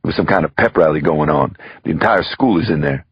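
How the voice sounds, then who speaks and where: Man doing a brisk young precinct captain, raspy low voice, dull recording. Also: no room sound, full character voice. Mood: briefing.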